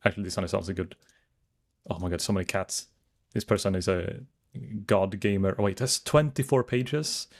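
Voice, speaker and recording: A man's voice: low-pitched, normal speed. A man chatting casually to his viewers while streaming a game, rambling as he browses and reads chat.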